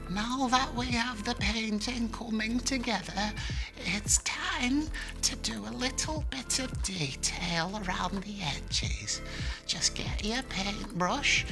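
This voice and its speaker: A man's voice: high-pitched, pitched above the performer's own voice, full character voice, low-quality recording. A man putting on a creepy, whispery childlike creature. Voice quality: soft, slow and breathy, sliding into a whisper. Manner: slow, drawn-out and lilting. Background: music.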